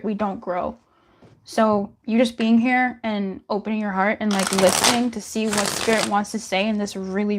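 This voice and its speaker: A young adult woman giving a casual live-stream tarot reading, chatty and laughing often, with frequent swearing. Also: mid-range voice. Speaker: tarot reader.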